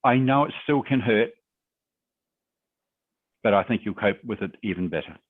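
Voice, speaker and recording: A man's voice: lowish voice, expressive, moderate pace, breathy edge, no echo. A man answers questions as a guest on a video call, his tone conversational and encouraging. The audio is narrow and tinny, like a phone line, and completely dry with no room around it. He reflects aloud and tags his points with rhetorical questions. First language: English. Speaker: guest speaker on public speaking. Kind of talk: webinar Q&A advice.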